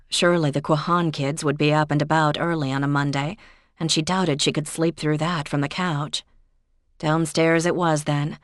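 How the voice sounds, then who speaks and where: A woman reads a mystery novel aloud in an even, steady way. Her voice sits low, and the recording is dry and close. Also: no echo. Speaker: audiobook narrator. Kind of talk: scripted narration.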